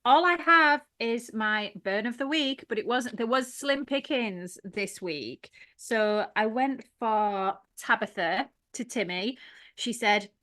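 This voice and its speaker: A woman's voice: fairly high pitch, animated, takes it slowly, pushed and bright. A woman guest co-host in casual chat, with dry, wry asides.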